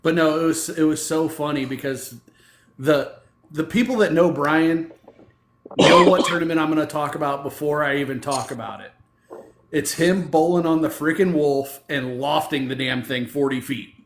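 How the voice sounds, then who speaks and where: A man's voice: on the high side, moderate pace, a little hiss or hum. A man co-hosting a podcast, chatting animatedly and swearing casually. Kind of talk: casual chat. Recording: roomy echo.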